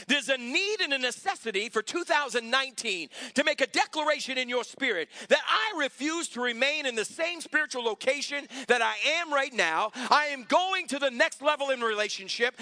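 A male pastor preaching a sermon, calling for responses from the congregation and rising to shouts. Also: very high-pitched, dry recording.

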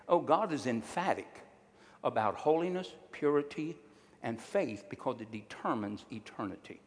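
A man's voice: fairly high pitch, expressive, a little slow, pauses often, long reverb tail. A male pastor preaching a sermon, emphatic and drawing call-and-response from his congregation.

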